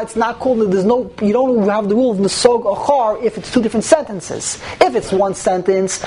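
A woman's voice: mid-range voice, darkish tone, slight background noise, rough recording. A woman teaching a religious text class, explaining step by step and asking herself rhetorical questions.

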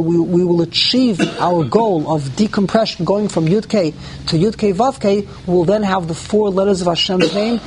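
A man's voice: high voice, a little hiss or hum. A man teaching a Torah class, explaining step by step and repeating key words, with Ashkenazi pronunciation of the Hebrew terms.

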